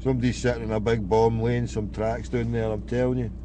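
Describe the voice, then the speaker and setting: A man's voice: mid-range voice, little pitch movement, fast talker, warm tone. Sweary Glaswegian man rambling over noise. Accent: Glaswegian Scottish. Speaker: prank caller, show host. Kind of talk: casual rambling monologue while phoning. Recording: noisy background with car sounds.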